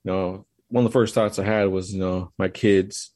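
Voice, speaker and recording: A man as a podcast guest, casually telling a story in a halting, loose way. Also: sits low, steady tone, darkish tone, no echo. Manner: halting, loose retelling of events.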